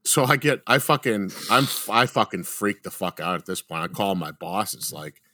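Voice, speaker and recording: A young adult man telling a story in casual, animated chat, swearing heavily and acting out what people said. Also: fairly low pitch, moderate pace. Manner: animated, heavy swearing, acts out quotes. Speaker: podcast co-host telling a story.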